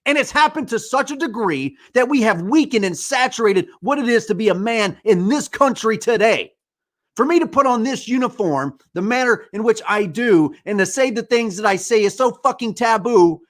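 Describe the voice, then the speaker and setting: Angry high-voiced man ranting. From United States. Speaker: podcast host. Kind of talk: impassioned monologue.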